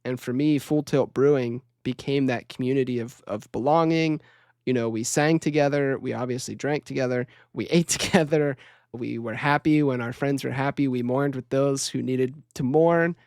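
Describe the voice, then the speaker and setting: A man's voice: mid-range voice, moderate pace, clear, resonant tone, dry recording. Laid-back, thoughtful male podcast guest, dry close recording, easy laughs. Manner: relaxed, reflective, laughs easily. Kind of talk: podcast conversation.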